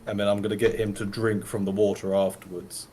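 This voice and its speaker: A man playing a tabletop game, explaining his moves calmly and deliberately. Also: on the low side, a little hiss or hum. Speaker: player. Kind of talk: casual tabletop play.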